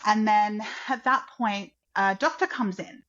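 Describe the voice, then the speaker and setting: A woman's voice: medium pitch, unhurried, a bit bright, highs cut off. A woman guest on a podcast, casually telling a personal story in a chatty way, full of "like" and acting out what others said. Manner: chatty, acts out quotes, many "like" fillers.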